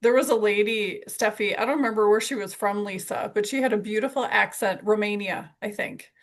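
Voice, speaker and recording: A woman's voice: mid-range voice, fairly quick. A woman leading a weekly sales team call, upbeat and encouraging as she recaps a coaching session. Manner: enthusiastic, encouraging.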